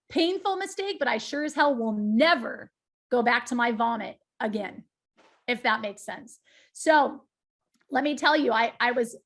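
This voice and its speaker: A middle-aged woman giving a talk, telling a personal story with emphatic energy and frequent asides to her listeners. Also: high voice. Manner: lively, emphatic storytelling with direct asides to the audience. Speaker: guest speaker.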